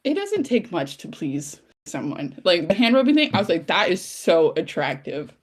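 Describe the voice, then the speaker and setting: A woman co-hosting a casual podcast, gushing excitedly and acting out her own reactions. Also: lowish voice, moderate pace, husky. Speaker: podcast co-host. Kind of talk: casual chat.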